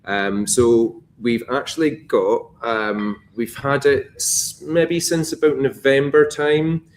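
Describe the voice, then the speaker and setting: A man's voice: mid-range voice, fairly even intonation, takes it slowly, slight background noise. A man with a Scottish accent, a whisky brand ambassador talking casually through a tasting, rambling with fillers and restarts. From Scotland.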